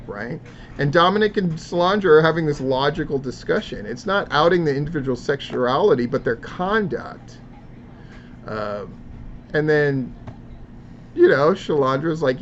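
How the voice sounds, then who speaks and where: A man's voice: a little high, measured pace, fairly bright tone. A man hosting a podcast, reading social media posts aloud in casual, profane, sarcastic commentary. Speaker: podcast host. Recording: dull lo-fi sound with faint noise.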